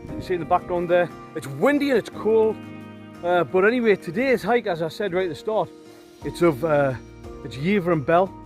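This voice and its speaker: A man's voice: high voice, lively intonation, moderate pace. A middle-aged man talks casually to camera on a hike, rambling with lots of ums and uhs and some wry teasing of his companion. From Northumberland, England. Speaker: hiking vlogger. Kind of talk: casual walking commentary. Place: windy open hillside outdoors. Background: wind and background music.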